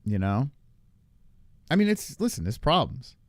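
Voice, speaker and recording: A man's voice: medium pitch, big pitch swings, unhurried, no echo. A man hosting a live stream, chatting casually and reacting to viewer comments with swearing, laughter and rambling restarts. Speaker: livestream host.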